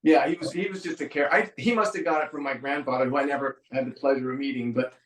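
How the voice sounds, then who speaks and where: Talking fast in a medium-pitched voice, a middle-aged San Francisco musician tells stories in a relaxed interview chat, full of dry humor and frequent ums. The sound is roomy and the recording rough.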